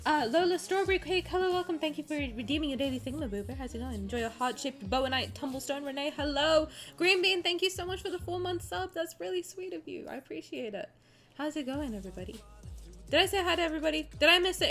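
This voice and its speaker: Bubbly high-voiced woman streamer. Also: animated, quick pace, fairly bright tone, faint music behind. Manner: bubbly, chatty, greets viewers by name. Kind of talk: casual live-stream chat.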